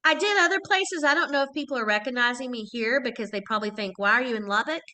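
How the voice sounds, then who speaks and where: A middle-aged woman from Texas, an actress telling stories in a casual interview, animated and laughing often. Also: fairly high pitch, fast. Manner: animated storyteller, laughs often, acts out quotes. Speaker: guest actress.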